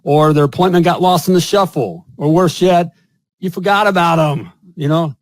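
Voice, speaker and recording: A man's voice: fairly high pitch, moderate pace, no echo. A man hosting a live plumbing show, chatting with a guest and reading ads in a salesy, upbeat patter full of "all right?". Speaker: podcast host and plumbing business coach. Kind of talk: casual live-stream chat and ad read.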